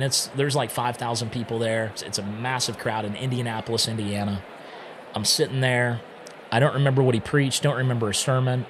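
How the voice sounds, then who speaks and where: A man's voice: mid-range voice, background noise. A man telling the story of how he became a missionary in a casual, conversational way, often dropping in "man" and "right?". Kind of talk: personal testimony storytelling. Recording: music playing underneath.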